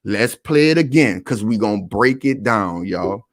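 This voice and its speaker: A man's voice: lowish voice, lively intonation, unhurried. A man hosting a live reaction commentary stream, talking animatedly and addressing his audience directly over and over. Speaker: online commentary host.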